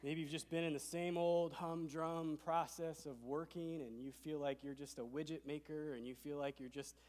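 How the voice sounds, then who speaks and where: A man preaching a sermon as pastor, emphatic, swinging from hushed to loud, in a church sanctuary. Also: fairly high pitch, fairly even intonation, normal speed. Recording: long hall reverb.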